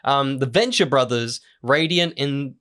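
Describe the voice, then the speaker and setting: A man with a middle-pitched voice hosts a casual movie chat. He reads out listener picks in a loose, easygoing way, dropping in quick remarks of his own. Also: a bit bright. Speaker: podcast host.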